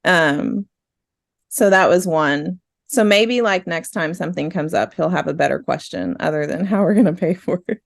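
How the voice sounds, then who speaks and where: Woman guest, middle-aged, low-pitched, rambling and emotional, dry mic. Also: normal speed, vocal fry, no room sound. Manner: rambling, emotional, laughs often. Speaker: guest, store owner. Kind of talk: casual conversation.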